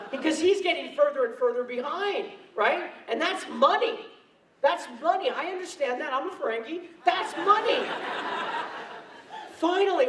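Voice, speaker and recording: A man's voice: very high-pitched, lively intonation, normal speed, recorded from a distance, crowd noise. A man speaking on stage at a convention, telling laughing, self-mocking anecdotes into a handheld mic, recorded in an echoey hall from afar. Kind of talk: storytelling convention talk.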